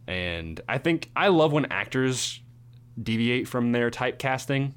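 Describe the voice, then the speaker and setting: A young man co-hosting a casual movie review chat, relaxed and agreeable, often saying "yeah.". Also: mid-range voice, moderate pace.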